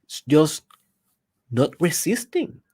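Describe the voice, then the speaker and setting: A man with a fairly high, slightly rough voice takes his time, his pitch swinging widely. He hosts a personal development podcast, delivering an emphatic motivational monologue that alternates loud bursts with hushed asides and poses rhetorical questions to the listener.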